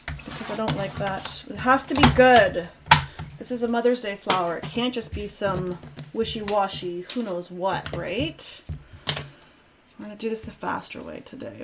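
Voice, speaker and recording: A woman's voice: medium pitch, animated, moderate pace, creaky, noisy background. A woman hosting a live crafting stream, chatting casually and self-deprecatingly as she works aloud. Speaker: crafting host.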